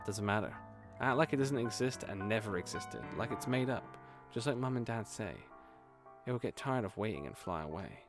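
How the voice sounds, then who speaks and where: A man voicing a calm older brother in his own low voice, flat and reassuring. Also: moderate pace, music in the background.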